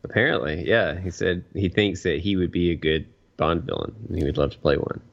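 A man chats easily as a podcast co-host, adding short asides. His voice is low, and the recording sounds dull and lo-fi. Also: fairly quick, gravelly. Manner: easygoing, adds short asides and agreements. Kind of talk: casual chat.

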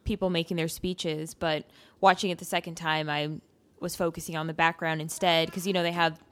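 Woman with a lowish voice walking through what happened, chatty. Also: level tone, fairly quick. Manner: narrates events step by step, chatty. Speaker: podcast co-host. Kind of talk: casual chat.

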